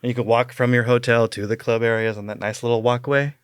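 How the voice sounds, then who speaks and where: A man's voice: medium pitch, flat delivery, fast talker, clear, resonant tone, no room sound, studio quality. A man, a podcast guest, telling a long personal story in casual talk, rambling with many fillers and chuckling as he goes.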